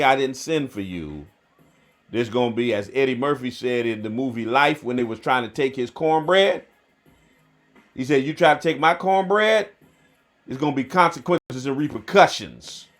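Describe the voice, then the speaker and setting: A man, a bishop hosting a livestream, talking slowly and emphatically, repeating firm denials and answering viewer comments. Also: mid-range voice. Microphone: livestream to phone or computer.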